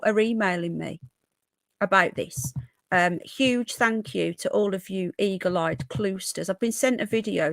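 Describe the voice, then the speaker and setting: Chatting casually on a livestream, a Birmingham-born woman reads out what viewers have commented. Her accent is mild Brummie with some Yorkshire in it, and her voice is medium-pitched and gravelly, recorded dry with clean studio sound.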